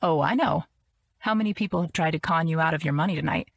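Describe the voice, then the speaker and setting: A woman voicing a nervous young woman journalist who answers with quick, wry retorts. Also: low voice, creaky, husky, full character voice. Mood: teasing.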